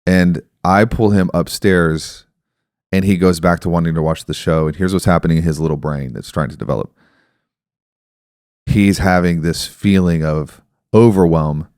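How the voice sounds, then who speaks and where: Podcast host, male, thirties, deep-pitched, reflective explainer, dry close sound. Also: a little mellow, no echo. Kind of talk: casual podcast conversation.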